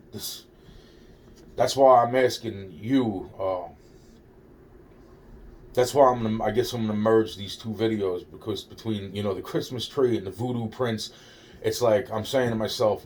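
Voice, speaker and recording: Rambling male vlogger, mellow low-toned voice, profane, full of restarts and quoted back-and-forth. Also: a little hiss or hum. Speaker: vlogger telling a personal story. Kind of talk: rambling first-person storytelling.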